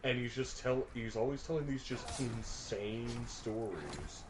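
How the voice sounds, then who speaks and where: A man's voice: mid-range voice, animated, unhurried, noisy background. A man chatting casually and jokingly while playing a co-op game, rambling with lots of fillers. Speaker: co-op gameplay streamer. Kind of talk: casual gaming chat.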